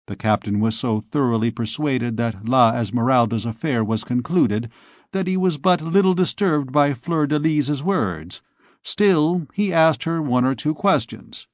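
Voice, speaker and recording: Slow, measured male audiobook narrator. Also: mid-range voice, no echo, studio quality. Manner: measured, even storytelling. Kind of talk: scripted narration.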